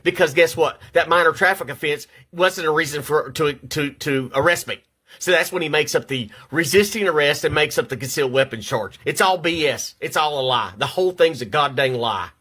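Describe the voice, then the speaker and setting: A man's voice: a little high, fairly quick, bright, forceful tone, husky. Shaky, agitated older man ranting. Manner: agitated, repeats himself, stumbles over words. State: shaky and upset. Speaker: vlogger. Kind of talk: angry personal rant to camera. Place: at home at his computer.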